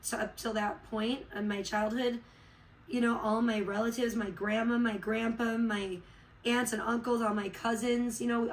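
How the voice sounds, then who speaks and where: A woman's voice: a little high, slight background noise, poor audio. A woman from Chicago chatting casually on a livestream, rambling and heartfelt, with many fillers, just getting over being sick. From Chicago, USA. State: recovering from illness.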